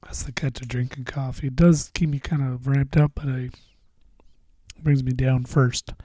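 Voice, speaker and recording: A man rambles through a casual solo podcast, swearing freely and drifting into mumbles. His voice is deeply dark and mellow, and the sound is close and dry with no room around it. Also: fairly even intonation, normal speed, no echo. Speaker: podcast host.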